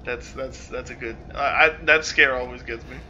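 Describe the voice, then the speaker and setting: A man's voice: mid-range voice, steady tone, moderate pace, dull audio, very noisy. A man giving casual gameplay commentary, rambling and self-interrupting, full of fillers. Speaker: let's play host.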